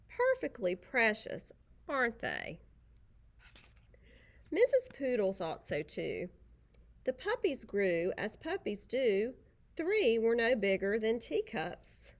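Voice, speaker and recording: A woman's voice: medium pitch, lively intonation, unhurried. A woman teacher reading a picture book aloud to young children, chatty and playful, stopping to talk about the pictures.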